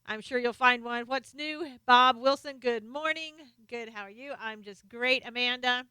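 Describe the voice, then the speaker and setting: A chatty middle-aged woman hosts a live stream and greets viewers one by one. Her voice is high and bright, very clear and close, with a dry room around it. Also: moderate pace, no echo. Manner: chatty, reads out viewer names and comments. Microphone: desk microphone, sometimes off-axis.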